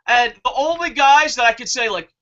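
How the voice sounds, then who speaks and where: A man's voice: very high voice, fairly quick, a bit bright. A man hosting a wrestling review show, reading viewer comments and ranting heatedly with plenty of swearing. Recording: muffled lo-fi recording.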